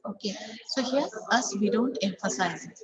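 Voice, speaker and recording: This woman teaching English online has an Indian English accent and a medium-pitched, expressive voice at normal speed. Captured through a video call, the rough recording has crowd chatter behind her as she repeats example sentences and frequently says "okay."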